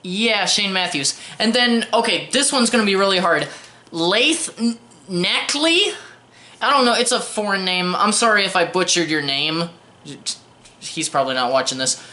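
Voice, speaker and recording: A young woman talks through a film review in an offhand, sarcastic way, tripping over words and starting again. Her voice is bright and a little sharp, and it bounces around a roomy, echoey space. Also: mid-range voice, moderate pace, slight background noise. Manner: wry, sarcastic, stumbles and restarts. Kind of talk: casual spoken movie review.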